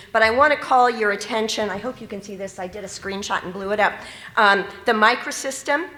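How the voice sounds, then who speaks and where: Bright-voiced woman presenting in an echoey hall. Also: mid-range voice. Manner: earnest, engages audience with questions. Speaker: teacher educator. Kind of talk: conference presentation. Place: conference hall. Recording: echoey conference room.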